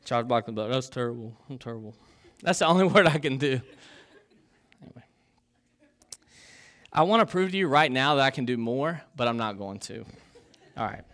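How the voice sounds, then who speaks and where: A man's voice: medium pitch, expressive, fairly quick, pauses often, a bit bright. A young man giving a casual sermon as a pastor, joking and poking fun at himself, with plenty of ums and uhs. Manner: joking and self-deprecating, with many fillers.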